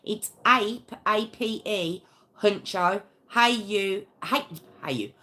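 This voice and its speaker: A woman's voice: mid-range voice, takes it slowly, pushed and bright. A woman hosting a true crime live stream, chatting casually and self-mockingly with viewers while reading the comments. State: sore arm. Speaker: true crime livestream host.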